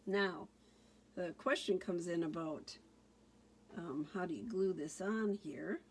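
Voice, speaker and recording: A woman's voice: fairly low pitch, takes it slowly, a little hiss or hum. A woman giving a casual card-making tutorial, chatting through each step as she works.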